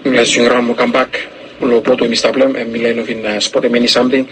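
A man's voice: medium pitch, level tone, quick pace, noisy background. A man, leading a search and rescue, speaking hesitantly with many fillers in a news interview. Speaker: rescue operation leader.

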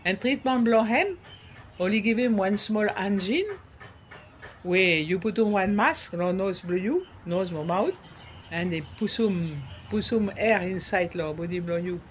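A man talks in a casual interview, slipping in French words and pausing to find the right ones. His voice sits high, and a faint noise hums behind him. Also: animated, highs cut off. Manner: searching for words, many fillers. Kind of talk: casual conversation.

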